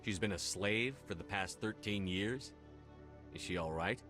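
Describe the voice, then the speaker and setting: An actor voicing a calm, earnest starship commander in a video game, measured in delivery. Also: male voice, lowish voice, faint music behind.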